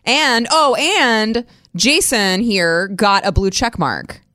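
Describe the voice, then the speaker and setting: A woman co-hosting a casual political talk show in a studio, chatty and quick to laugh. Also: on the high side, animated, bright, forceful tone, dry recording. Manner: chatty, laughs easily, reads ad copy conversationally. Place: broadcast studio. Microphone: studio microphone.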